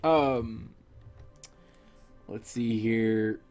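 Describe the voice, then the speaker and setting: A man's voice: fairly low pitch, extremely slow, darkish tone, faint music behind. A young man live-streaming while he draws, chatting casually and rambling as he answers viewer questions.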